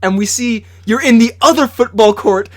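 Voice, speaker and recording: A young man with a high, light voice co-hosts a casual podcast. He tells stories at a quick clip and laughs often. A faint hum sits under the recording. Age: young adult. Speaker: podcast co-host. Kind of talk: casual chat. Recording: slight background hum.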